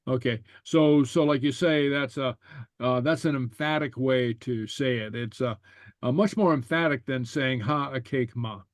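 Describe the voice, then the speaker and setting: A man teaching a language class, explaining slowly and stopping often with fillers and repeated okays. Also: mid-range voice, dry recording. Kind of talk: relaxed online class explanation.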